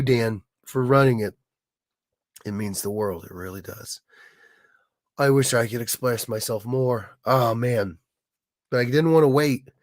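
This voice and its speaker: A man with a hoarse, raspy voice from being sick, chatting casually on his livestream and stumbling over restarts. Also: mid-range voice, no echo, studio quality. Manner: halting, many restarts and fillers. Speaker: livestream host, illustrator.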